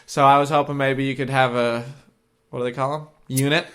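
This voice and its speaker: A man speaks briskly with a medium-pitched, fairly bright voice and little pitch movement. Co-hosting a podcast in a room shared with his co-host, he tells a rambling, crude story in casual chat, laughing as he goes.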